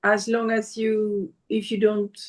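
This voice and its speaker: A woman guest on a podcast, speaking hesitantly and haltingly as she searches for words. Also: medium pitch, monotone. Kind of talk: casual podcast chat.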